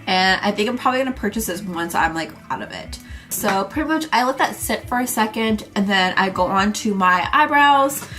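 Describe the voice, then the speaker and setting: A woman's voice: medium pitch, sharp tone. A young woman vlogger, a little congested, chatting through her everyday makeup routine in a rambling casual way with lots of fillers. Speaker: beauty vlogger. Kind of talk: casual makeup tutorial chat.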